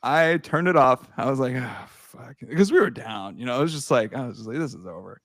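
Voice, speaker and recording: Male podcast host, thirties, animated storyteller, dry booth sound. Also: fast, no room sound. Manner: animated storytelling, swearing, laughing, shouting at highs. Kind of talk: casual chat.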